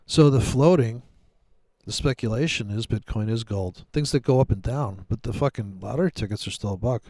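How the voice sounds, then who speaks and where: A man's voice: medium pitch, normal speed, mellow, no echo, clean studio sound. A man giving rambling, sarcastic, profane commentary while trading live. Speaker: day trader streaming live.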